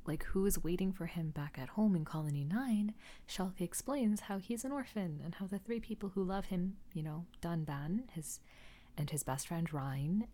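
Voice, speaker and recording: A woman's voice: on the low side, dark tone. A woman hosting a casual solo podcast, rambling with enthusiasm and often dropping to a near-whisper. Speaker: podcast host.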